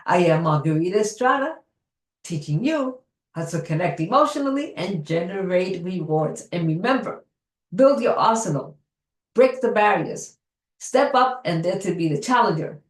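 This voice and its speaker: A woman speaker and coach with a Spanish accent, giving a motivational talk to camera in a slow, deliberate way. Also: on the low side, lively intonation. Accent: Spanish-accented English. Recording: echoey room.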